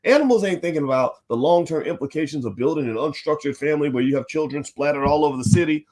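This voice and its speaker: A man hosting a livestream commentary, animated and preachy, who speaks straight to his chat. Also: a little high, fast talker. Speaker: host.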